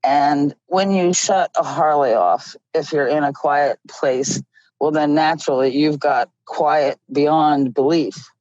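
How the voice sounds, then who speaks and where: A middle-aged woman tells her story slowly in a low voice, laughing now and then. The sound is dull and lo-fi, close and dry with no room around it. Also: no echo. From Ohio. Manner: slow, animated storyteller who laughs often. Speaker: guest. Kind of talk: casual storytelling. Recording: dull lo-fi audio.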